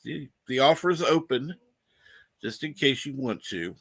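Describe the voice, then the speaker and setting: A man's voice: medium pitch, expressive, unhurried, a bit bright, slightly rough. A man hosting a casual livestream from home, reading viewer comments aloud and swearing casually. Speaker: livestream host. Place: room at home.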